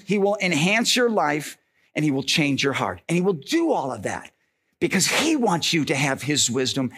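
Husky, lively-voiced male pastor preaching. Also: a little high. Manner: energetic, conversational, rhetorical check-ins. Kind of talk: sermon.

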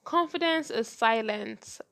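A young woman hosting a casual advice podcast, talking fast and laughing often. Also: on the high side, animated, fairly bright tone. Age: young adult. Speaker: podcast host.

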